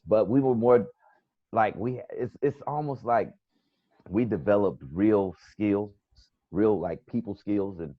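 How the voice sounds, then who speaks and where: A middle-aged man with a New York accent, appearing as a comedian guest on a video call, tells a rambling story full of quoted back-and-forth in casual chat. His voice is lowish and unhurried. The dry recording has the dull, lo-fi sound of video-call audio.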